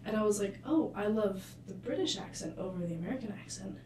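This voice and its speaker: A young woman from France with a French accent, a podcast guest talking casually, chatty and quick to laugh, with many fillers. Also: mid-range voice, lively intonation, darkish tone. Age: young adult. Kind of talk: casual chat. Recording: roomy and distant with faint noise.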